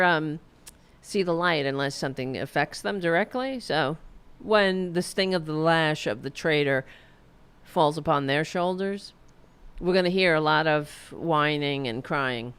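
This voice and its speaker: A woman's voice: on the low side, a bit bright, smooth. A woman hosting a political talk show, blunt and sarcastic, swearing freely and often stopping to restart her sentences. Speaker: political commentary host.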